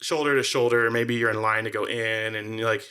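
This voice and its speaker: A man's voice: lowish voice, normal speed, smooth. A man co-hosting a podcast in casual conversation, telling stories animatedly and acting out the voices of the people in them. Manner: animated storyteller, acts out quoted voices; frequent fillers like "like" and restarts. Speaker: podcast co-host.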